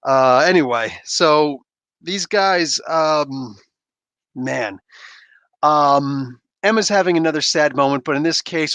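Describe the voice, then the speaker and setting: A man hosting a live comic book review, talking in a casual, excitable, slangy and rambling way. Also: fairly high pitch, a little slow, no room sound.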